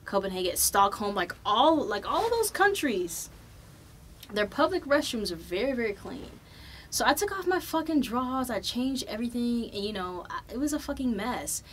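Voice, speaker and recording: A woman's voice: fairly high pitch, moderate pace, a little hiss or hum. Profane, chatty young woman podcaster. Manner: profane, animated, loose and chatty. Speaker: podcast host. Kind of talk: casual storytelling.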